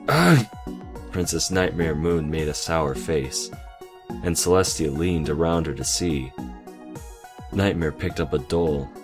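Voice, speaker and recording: A man with an extremely low, deep voice reads a fantasy story aloud. His delivery is calm and measured. Clear instrumental music runs beneath the narration. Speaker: story reader. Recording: reading over clear background music.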